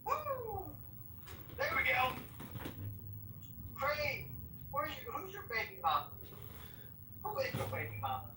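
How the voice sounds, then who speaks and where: Loud taunting man in roomy audio. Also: very high voice, wildly swooping pitch, slow pace, pauses often. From Nebraska. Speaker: room participant. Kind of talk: casual live audio-room banter. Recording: roomy, distant, faint hiss.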